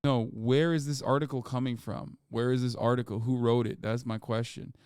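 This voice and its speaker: A man's voice: mid-range voice, fairly even intonation, normal speed, a little mellow, smooth, dry recording, studio quality. A man streaming live, reading news aloud and reacting with profane, exasperated rants.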